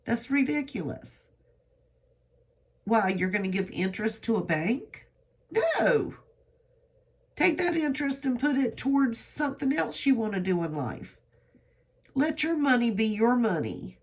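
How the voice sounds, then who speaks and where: A woman's voice: fairly high pitch, lively intonation, a little slow, breathy edge. Chatty grandmother in her sixties. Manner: chatty, rambling, earnestly encouraging. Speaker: vlogger. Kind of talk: casual talk to camera.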